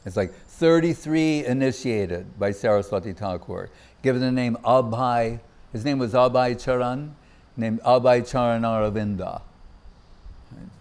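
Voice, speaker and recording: A man's voice: medium pitch, unhurried. Anecdotal male devotional speaker. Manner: anecdotal, warm laughter, acts out quoted voices. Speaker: Gaudiya Vaishnava speaker. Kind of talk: devotional talk with storytelling. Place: temple festival gathering.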